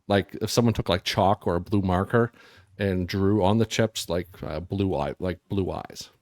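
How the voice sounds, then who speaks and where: Low-voiced male game master, dry close mic. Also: darkish tone, no echo. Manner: halting, loose descriptive narration with many fillers. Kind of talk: narrating a tabletop game.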